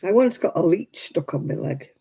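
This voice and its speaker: A middle-aged woman chats away to her viewers as she crochets, her voice husky and gravelly with a very dark, mellow tone. She rambles homely and chatty, laughing often and counting her stitches aloud. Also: on the low side, expressive, moderate pace, rough recording. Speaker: livestream host. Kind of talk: casual chat while crocheting, answering viewers.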